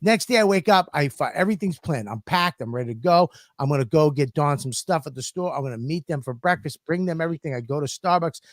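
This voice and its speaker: A man hosting a podcast, telling a story as a profane, animated rant. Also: on the high side, fast, few pauses, no echo, clean studio sound. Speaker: podcast host.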